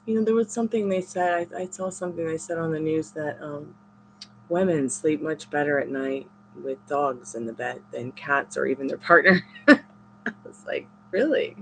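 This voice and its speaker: A woman reading tarot on a live stream, chatting casually with viewers and rambling in halting, restarting sentences. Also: low-pitched, a bit bright, slight background noise.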